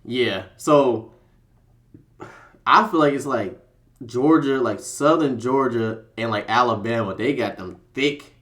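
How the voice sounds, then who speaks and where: A man with a Louisville accent talks in a relaxed, easygoing way. He laughs often and scatters "like" and "bro" through his sentences. His voice sits at an ordinary middle pitch. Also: slow pace. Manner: laid-back, laughs often, says "like" and "bro" a lot. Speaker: guest. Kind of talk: casual chat.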